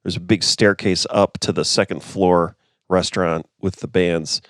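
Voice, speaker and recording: A man's voice: deep voice, steady tone, normal speed, no room sound, studio quality. A man co-hosting a podcast who chuckles and often trails off in half-finished sentences. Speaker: podcast co-host, musician. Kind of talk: casual chat about music and film.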